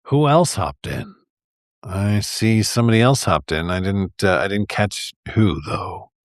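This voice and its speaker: This livestream host, with a lowish voice and lively intonation, reads a picture book aloud without hurrying. He rambles chattily and uses many fillers in his casual storytelling. Audio is studio quality and echo-free.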